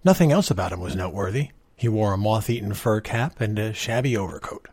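A man reading a short story aloud in a measured, expressive way, with a husky voice. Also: on the low side, no echo.

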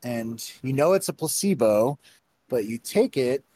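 A man talking casually on a podcast about a talk he gave. He tells stories with plenty of restarts and an animated, rambling delivery. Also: medium pitch, unhurried, a little hiss or hum. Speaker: conference speaker.

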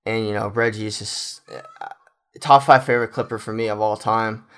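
A man's voice: on the low side, steady tone, moderate pace, fairly bright tone, clear, resonant tone. A young man in the middle of a loose, rambling fan monologue. He sounds openly emotional and effusive, and he keeps circling back on his own thoughts. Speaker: fan commentator.

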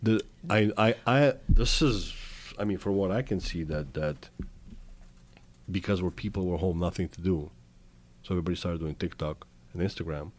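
A man with a very low voice hosts a casual podcast chat. He asks eager questions, cracks jokes and often restarts his sentences midway. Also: moderate pace, slight background noise. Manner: eager, joking, stumbles and restarts. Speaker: podcast host.

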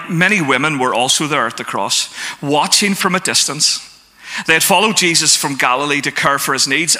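A man's voice: a little high, bright, forceful tone. A man preaching a sermon to a congregation, asking them questions and reading scripture aloud. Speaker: pastor.

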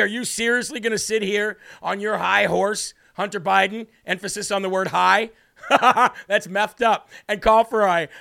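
Loud mocking guy hosting a political show, bright tense voice. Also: high-pitched, clean tone. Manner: combative, mocking, emphatic. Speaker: host. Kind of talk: political commentary.

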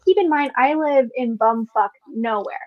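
A woman's voice: sits high, normal speed, dull audio. A woman in casual podcast chat, telling a story in a blunt, swearing, exasperated way. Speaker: podcast guest.

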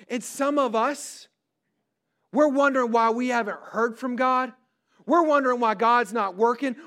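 A middle-aged male pastor preaching a sermon to a large crowd, pressing his points with rising emphasis and drawn-out stressed words. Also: very high-pitched, a bit bright. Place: large hall before a crowd.

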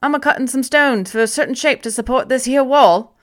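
A woman voicing a rough working-class male bricklayer from old London in a hammy mock Cockney accent. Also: high voice, a little fast, voice pushed up. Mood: gruff. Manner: loud, rough, hammy put-on.

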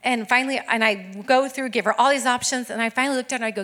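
A woman pastor in her thirties preaches with a high, bright voice. She tells her stories with lots of energy and acts out each person's lines. Her delivery stays lively and expressive throughout. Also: very fast, hardly any pauses. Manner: animated storytelling with acted-out quotes. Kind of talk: sermon.

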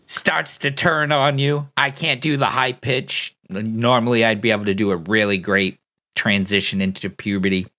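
A man's voice: lowish voice, fairly even intonation, normal speed, pushed and bright. Wry self-deprecating man with a cold. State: sick with a cold. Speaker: podcast co-host. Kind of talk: casual chat.

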